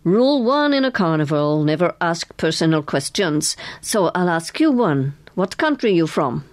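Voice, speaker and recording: A woman's voice: lowish voice, very animated, normal speed. A woman reading aloud, voicing a worldly, friendly male carnival boss in a breezy manner.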